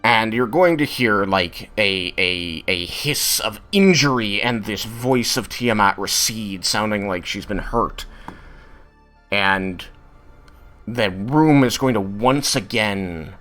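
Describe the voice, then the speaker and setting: Low-voiced game master, unhurried. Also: male voice, animated, bright, forceful tone, soft background music. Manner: hesitant, many fillers. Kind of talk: narrating a tabletop game.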